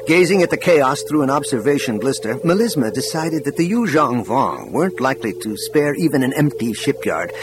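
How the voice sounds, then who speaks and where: Expressive male audiobook narrator. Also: medium pitch, brisk, hardly any pauses, background noise. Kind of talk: scripted narration.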